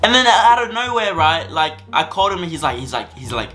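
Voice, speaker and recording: A man's voice: a little high, lively intonation, quick pace, few pauses, bright, forceful tone, faint music behind. A young man telling a school story to camera in a rambling, casual way, full of fillers and repeats. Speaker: vlogger.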